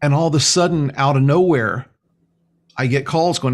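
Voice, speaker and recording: A man's voice: mid-range voice, moderate pace. A man being interviewed as a spiritual healer. He talks in an earnest, rambling way and fills his sentences with "you know". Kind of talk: casual conversational interview.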